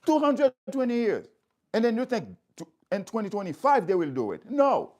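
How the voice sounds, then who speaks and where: A man's voice: sits high, very animated, moderate pace, a little mellow. A man speaking straight to his viewers, stressing his points by repeating phrases. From Haiti. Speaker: community speaker. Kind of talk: impassioned address to viewers.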